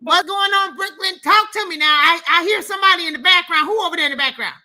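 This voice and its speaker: Woman host, high bright voice, emphatic and repetitive, cuts in on callers. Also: fast. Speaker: call-in show host. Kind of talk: casual call-in talk.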